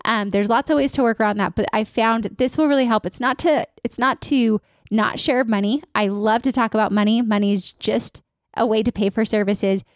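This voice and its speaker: A woman's voice: on the high side, fairly even intonation, brisk, dry recording, clean studio sound. A woman consultant in her thirties, a podcast guest talking energetically and acting out staff and patient lines. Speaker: dental practice consultant.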